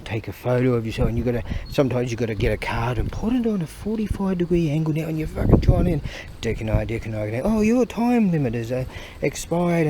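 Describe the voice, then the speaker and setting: A man's voice: a little high, warm tone, rough recording. A man hosting a podcast, rambling and grumbling with lots of swearing and laughter while he walks along a street. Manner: profane, grumbling, laughs often. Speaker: podcast host. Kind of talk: rambling casual monologue. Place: outdoors on a street, walking. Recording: traffic noise in the background. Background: passing vehicles.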